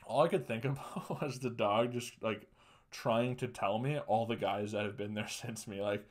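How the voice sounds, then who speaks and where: A man's voice: fairly low pitch, fairly even intonation, normal speed. A young man hosting a podcast, ranting alone with crude, profane jokes and laughing at his own punchlines. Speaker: podcast host. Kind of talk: solo comedic rant.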